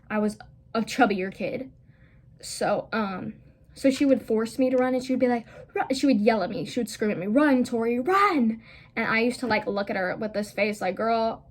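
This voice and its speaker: A young woman telling a casual storytime vlog, rambling with lots of "like" fillers and blunt, profane asides. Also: a little high. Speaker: vlogger.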